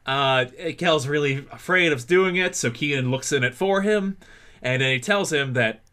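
A man's voice: fairly high pitch, moderate pace, sharp tone. A young man co-hosting a podcast, chatting casually and chuckling, with hesitant restarts as he recaps a sitcom episode. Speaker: podcast co-host.

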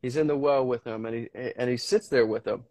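A man's voice: medium pitch, fairly quick, darkish tone, no room sound. Frank, rambling man in dry sound. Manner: frank, swears casually, rambling with restarts; storytelling, earnest. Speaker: podcast guest. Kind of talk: candid conversation.

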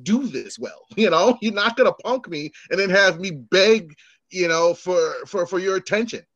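A man's voice: high voice, moderate pace, no room sound, muffled recording. A middle-aged man hosting a podcast, telling stories in a casual chat, acting out the voices of the people in them and swearing freely. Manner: animated, acts out quoted voices, swears freely. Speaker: podcast host.

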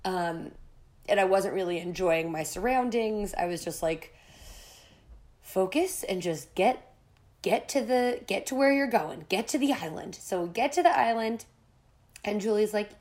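A woman's voice: mid-range voice, measured pace, a little mellow. A woman hosting a podcast, telling a personal story in a candid, casual way, swearing freely and acting out her own panic in quoted lines. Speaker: podcast host.

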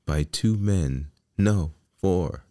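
A man's voice: deep voice, drawn-out words, warm tone, no room sound, clean studio sound, voice pushed up. A man voicing a wooden puppet boy who is eager and keeps fibbing, in a raised, pleading boyish voice.

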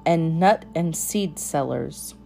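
A woman narrating a children's storybook in a gentle, measured manner. She reads very slowly in a lowish, mellow voice. Soft music plays faintly behind her. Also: creaky. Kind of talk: storybook read-aloud narration.

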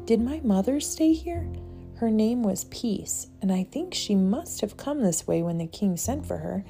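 A woman reading aloud, voicing a timid little boy rabbit on a pilgrimage, speaking softly and wistfully. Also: medium pitch, expressive, measured pace, vocal fry, faint music behind.

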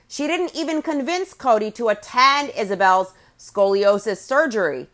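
A woman's voice: on the high side, bright, forceful tone. A woman hosting a podcast, giving blunt, scornful recap commentary with crude put-downs. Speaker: podcast host.

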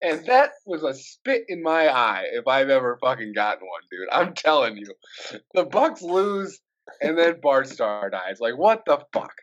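A man's voice: medium pitch, measured pace, highs cut off. Exasperated Wisconsin sports fan man. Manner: animated, swearing, rising to exasperated rants. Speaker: podcast co-host. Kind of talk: casual sports chat.

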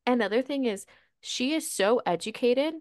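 A woman's voice: a little high, moderate pace, no echo, studio quality. Chatty bilingual woman podcast co-host. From Latina, grew up bilingual in Spanish and English. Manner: chatty, animated, frequent laughs and "like"s. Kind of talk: casual chat.

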